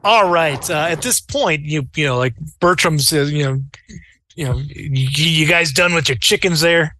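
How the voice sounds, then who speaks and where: A man's voice: a little high, normal speed, pushed and bright, no echo. A man running a tabletop role-playing game as game master, narrating scenes with theatrical, descriptive storytelling.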